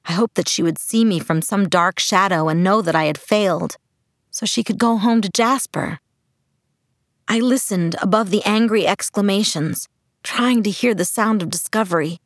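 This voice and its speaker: A woman's voice: mid-range voice, a little slow, no echo, clean studio sound. A woman reading a first-person novel aloud as an audiobook narrator, telling it with tense urgency.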